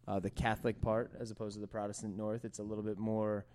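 A man's voice: lowish voice, fast talker, crowd noise. A man hosting a podcast, ranting in casual chat with a lot of swearing. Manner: profane, animated ranting. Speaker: podcast host.

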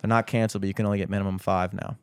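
A man's voice: deep voice, little pitch movement, very fast, smooth, dry recording. Profane ranting young man. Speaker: podcast host. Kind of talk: casual chat.

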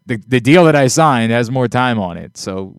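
A man's voice: mid-range voice, expressive, moderate pace, clean tone. A man hosting a podcast in casual chat, rambling and exasperated, often restarting his sentences. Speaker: podcast host.

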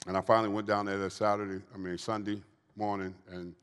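A man in his fifties giving a preaching testimony to a live audience, telling his story quietly and then urging the crowd on with fervor. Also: flat delivery, fast talker, clean tone. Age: 50s. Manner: low, quiet storytelling that swells into fervent exhortation. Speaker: guest speaker giving a testimony. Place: large hall with an audience. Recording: long hall reverb.

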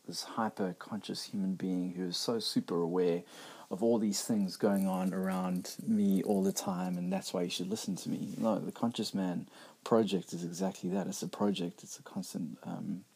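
A man's voice: low-pitched, darkish tone, slightly rough. A middle-aged man hosting a podcast, talking candidly and reflectively in a conversational way with many restarts. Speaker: podcast host. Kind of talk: reflective personal monologue.

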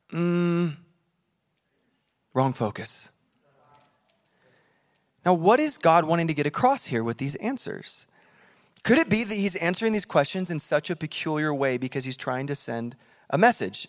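A man preaching a sermon in a church, animated and jokey, acting out voices from scripture. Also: sits high. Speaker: pastor. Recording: long hall reverb.

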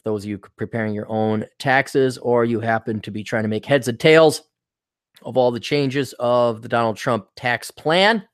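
A man's voice: medium pitch, dry recording, studio quality. A man hosting a podcast in a casual, rambling monologue, irreverent and profane. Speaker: podcast host.

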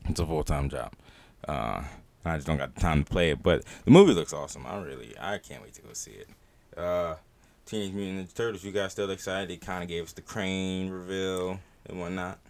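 A man with a very low voice hosts a casual podcast chat. He sounds relaxed and laughs easily, and the recording is dry and close. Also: a little fast, creaky, no echo. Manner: relaxed, steers the talk between topics, laughs often. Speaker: podcast host.

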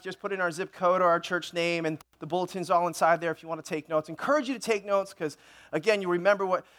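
A man preaching a sermon in a church, cracking jokes and telling a comic story with playful asides. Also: sits high. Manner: joking, animated, playful asides. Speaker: pastor. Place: church sanctuary.

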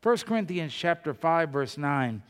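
A man preaching a sermon as pastor, moving between emphatic rises and quiet conversational asides. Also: fairly high pitch, sing-song, a little slow, smooth, in a large hall.

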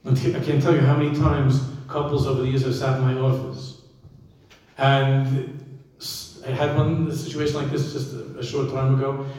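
A man, a rabbi, giving a sermon full of stories, swinging from loud emphasis to quiet asides. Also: medium pitch, little pitch movement, moderate pace. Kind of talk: sermon with storytelling. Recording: echoey hall, speaker far from mic.

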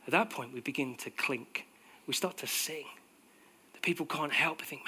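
A man preaching a sermon in a conversational, animated way, acting out little quotes as he goes. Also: a little high, normal speed, breathy edge.

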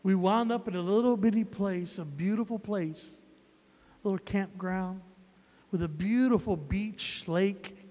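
Male evangelist with a very high voice for a man, emphatic and repetitive, and a long reverb tail. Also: unhurried. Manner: emphatic, repetitive, builds to loud peaks. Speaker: evangelist preacher. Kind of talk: sermon storytelling.

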